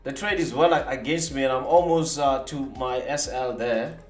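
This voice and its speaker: A man hosting a live trading stream, talking casually and boastfully while demonstrating software. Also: medium pitch, moderate pace, echoey room, faint music behind. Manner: animated, boastful, teasing rivals.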